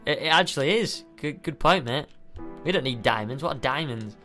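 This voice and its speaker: A man's voice: mid-range voice, expressive, normal speed, sharp tone, faint music behind. A man playing a video game with a friend, joking and chatting casually. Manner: joking, playful. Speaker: gamer. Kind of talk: casual let's-play chat.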